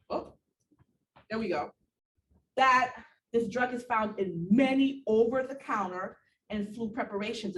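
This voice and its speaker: Animated woman lecturing in an echoey room. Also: on the high side, far from the mic. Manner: animated, repetitive emphasis, talks to students directly. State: out of breath. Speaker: nursing instructor. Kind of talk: classroom lecture. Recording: echoey room, voice from afar, faint background noise.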